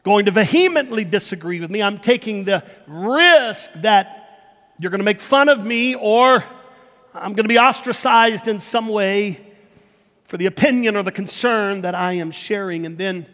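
A man preaching a sermon, emphatic, repeating words and swinging between loud and hushed. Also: sits high. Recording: long hall reverb.

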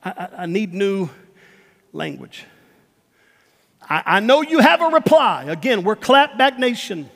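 A man preaching a sermon, emphatic, repeating words and swinging between loud and hushed. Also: high voice, very animated, measured pace, vocal fry, long pauses. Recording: long hall reverb.

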